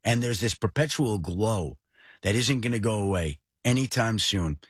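A middle-aged man from the New York area hosting a sports podcast, telling stories in an animated, emphatic way. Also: on the low side, normal speed, slightly rough, no room sound, clean studio sound. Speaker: podcast host. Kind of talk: casual sports talk.

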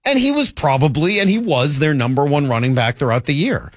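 Lively, rambling male sports talk host. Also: fairly high pitch, brisk, no room sound, studio quality. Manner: lively, rambling, laughs often.

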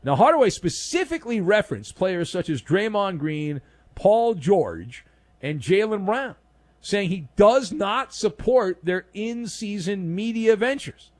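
A man's voice: high voice, sing-song, measured pace. A man hosting a daily sports talk show, delivering a sarcastic, emphatic monologue of opinions.

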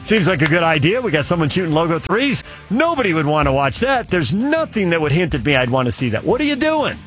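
A man's voice: fairly high pitch, very animated, fast talker, fairly bright tone, faint music behind. Opinionated male sports radio host. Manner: rambling, opinionated, storytelling. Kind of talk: casual sports talk monologue.

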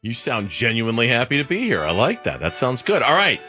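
A man's voice: a little fast, soft background music. A man hosting a sports radio show, bantering casually and running a caller contest with frequent laughs and playful swings in his voice. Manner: animated, laughs often, swings pitch up for emphasis.

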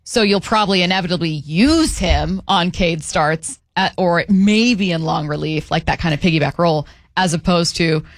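A woman's voice: lowish voice, normal speed, few pauses, no room sound. A woman co-hosting a casual sports talk show, giving firm opinions and often restarting her sentences. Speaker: co-host.

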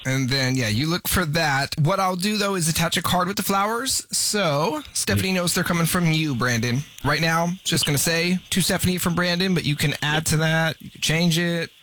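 A man's voice: on the high side, normal speed, hardly any pauses, bright, forceful tone, a little hiss or hum. A man hosting a radio prank call, talking in a breezy salesman patter. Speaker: radio host. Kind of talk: prank phone call bit. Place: radio studio.

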